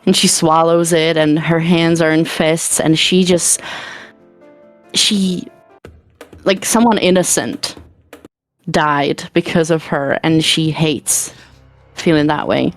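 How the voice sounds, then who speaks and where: A woman's voice: sits low, steady tone, slow, pauses often, faint music behind. A woman playing a tabletop game, describing her character's feelings in a hesitant, thoughtful way. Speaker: player.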